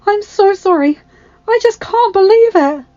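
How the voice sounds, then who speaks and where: A woman voicing an eager, tearful young woman who talks high and breathless. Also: expressive, moderate pace, lo-fi sound.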